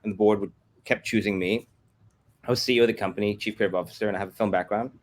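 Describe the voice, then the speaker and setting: A man, a guest on an interview podcast, telling lively anecdotes and acting out the quotes. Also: lowish voice. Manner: fast, animated anecdotes with acted-out quotes. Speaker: guest, comics company executive. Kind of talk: casual interview storytelling.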